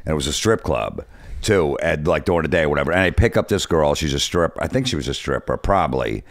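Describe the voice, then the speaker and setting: A man's voice: very deep voice, lively intonation, fast, no room sound, studio quality. A man from New Jersey, a comedian guest telling blunt, profane stories in casual chat. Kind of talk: casual storytelling.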